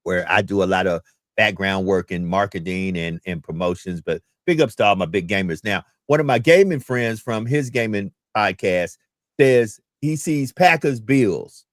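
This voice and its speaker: An excitable man co-hosting a casual sports chat on a livestream, repeating himself as he cuts in. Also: on the low side, normal speed, dry recording, studio quality. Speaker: co-host.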